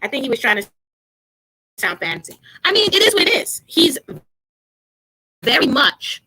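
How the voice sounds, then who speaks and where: This is a woman hosting a casual review chat, and she tells stories with animated expression and frequent laughter. Her voice sits high and bright, and its pitch swings freely from line to line. She is speaking over a video call. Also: normal speed. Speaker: host of a reality TV review show.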